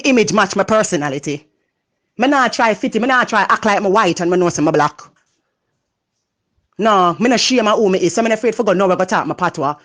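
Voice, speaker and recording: Jamaican woman, motivational speaker, loud, passionate, patois-laced talk. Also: mid-range voice. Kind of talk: motivational monologue.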